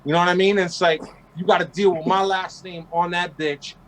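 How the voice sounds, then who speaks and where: Interview guest: man in his forties from Queens, brash and profane, high voice. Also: level tone, brisk, rough recording. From Queens, New York. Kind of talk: casual interview storytelling.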